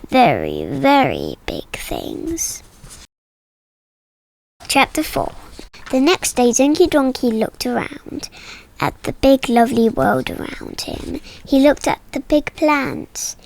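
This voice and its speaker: A woman narrating a children's storybook in a gentle, soft, often near-whispered manner. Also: high-pitched, gravelly. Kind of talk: storybook reading.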